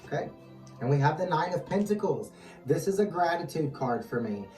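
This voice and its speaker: Tarot host pulling cards, steady calm delivery, music playing under, sounds far off. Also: mid-range voice, moderate pace. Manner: steady and calm, invokes guides in a repeated chant-like way. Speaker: tarot reader, channel host. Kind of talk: tarot reading, casual chat. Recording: echoey distant mic with music underneath.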